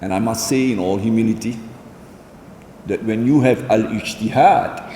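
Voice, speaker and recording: A man giving a formal public lecture in a hall, speaking in a measured, deliberate way with formal phrasing. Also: fairly low pitch, dark tone, slight background noise. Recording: echoey hall with faint ambience.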